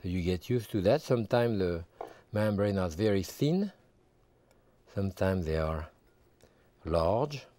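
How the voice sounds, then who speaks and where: A man working as a TV chef, walking through a cooking demonstration step by step and adding relaxed asides as he goes. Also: low-pitched, dry recording. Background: background music.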